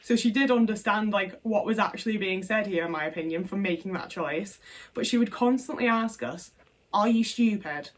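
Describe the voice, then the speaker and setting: A young woman speaks candidly to her camera, telling personal stories in loose, everyday speech full of fillers and the occasional curse. Her voice sits at a middling pitch and sounds a little removed from the microphone. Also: brisk, recorded from a distance. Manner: frank and conversational, with casual swearing and many fillers. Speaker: vlogger.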